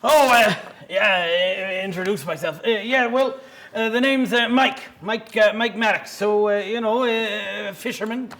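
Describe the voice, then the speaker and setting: A young man playing a rambling, excitable fisherman in a student comedy news skit, full of fillers and chuckles. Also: sits high. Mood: excited. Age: young adult. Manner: hesitant, full of fillers, chuckling, quick to get worked up. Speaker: interviewee.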